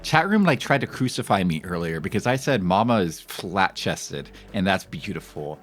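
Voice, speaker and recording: A man's voice: fairly low pitch, very animated, normal speed, hardly any pauses, soft background music. A man streaming a cooking game, chatting casually and making crude, rambling jokes with lots of fillers. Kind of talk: casual gameplay commentary.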